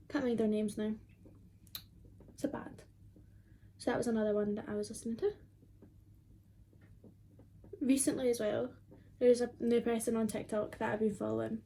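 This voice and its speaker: A woman's voice: a little high, vocal fry, warm tone, slight background noise. Chatty twenty-year-old woman. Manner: chatty, rambling, many fillers. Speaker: beauty vlogger. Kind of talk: casual chat while doing makeup.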